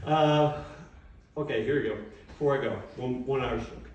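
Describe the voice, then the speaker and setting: A man's voice: medium pitch, fairly even intonation, moderate pace, darkish tone, highs cut off. Older man doing stand-up in an echoey room. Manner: loose, chatty joke-telling with hesitant fillers. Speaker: stand-up comedian. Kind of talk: live stand-up routine. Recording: very echoey, distant live mic.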